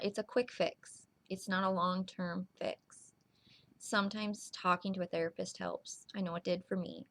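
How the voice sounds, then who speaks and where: A young woman talks straight to her viewers in a heartfelt vlog. Her voice sits at a middling pitch with a gravelly fry running through it. She speaks earnestly and reassuringly, slowing down and restarting words as she goes. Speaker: vlogger. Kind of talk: heartfelt direct-to-camera vlog.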